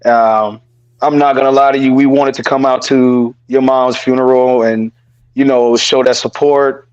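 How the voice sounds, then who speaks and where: A man's voice: medium pitch, flat delivery, unhurried, darkish tone, clear, resonant tone, dry recording, dull audio. A man co-hosting a podcast, speaking earnestly and repeating his phrases, cursing casually as he offers support over a remote call. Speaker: podcast co-host. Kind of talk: casual heartfelt podcast talk.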